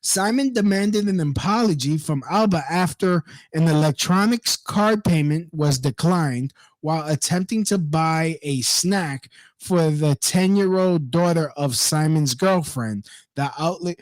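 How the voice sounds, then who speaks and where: A man's voice: fairly high pitch, a little slow, no echo. A man reading a news story aloud and ranting about it, profane and indignant, breaking off to mock the people in it. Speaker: online commentator.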